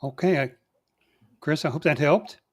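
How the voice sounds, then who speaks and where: A man's voice: a little high, unhurried, darkish tone. A man co-hosting a live show who moves things along and reads out viewer requests. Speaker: co-host.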